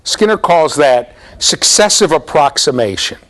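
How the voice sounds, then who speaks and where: A middle-aged man lecturing a large university class, playful and animated, talking straight to his students as he runs a live demonstration. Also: fairly high pitch, measured pace.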